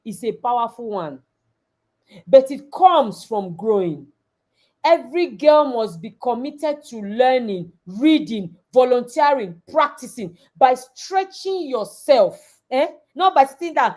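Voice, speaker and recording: A woman's voice: on the high side, very animated, a little slow, a little mellow. A woman giving an emphatic motivational talk as a coach to an online audience of girls, repeating her key phrases. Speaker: coach and summit speaker.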